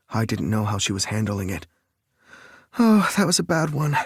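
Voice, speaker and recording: A man narrating a romance audiobook in first person, measured and even. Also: lowish voice, no echo, studio quality.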